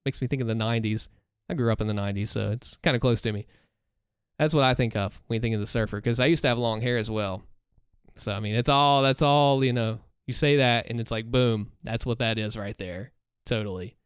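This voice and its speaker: A man's voice: medium pitch, fairly quick, clean tone, no room sound, studio quality. A man in his thirties hosting a livestream, chatting casually and upbeat with his viewers. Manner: upbeat, chatty, talks to chat. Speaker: livestream host and story narrator.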